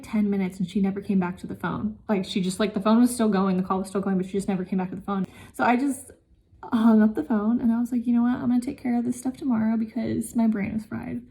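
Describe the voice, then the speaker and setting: A woman's voice: medium pitch, gravelly, dark tone, slightly rough. A young woman talking casually in a home vlog, chatty and venting with lots of fillers, emotional and close to tears. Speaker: vlogger.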